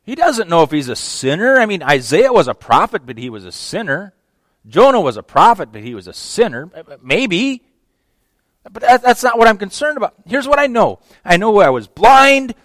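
A man preaching a verse-by-verse sermon in a conversational, animated way, acting out the scenes. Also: high voice, moderate pace, no room sound. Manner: animated, conversational, acts out the text. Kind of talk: expository sermon.

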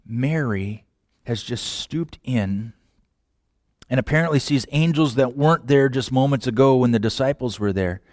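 A man preaching a sermon, asking rhetorical questions and swinging from hushed lines to loud, impassioned ones. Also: medium pitch, moderate pace, no echo, studio quality. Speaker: pastor.

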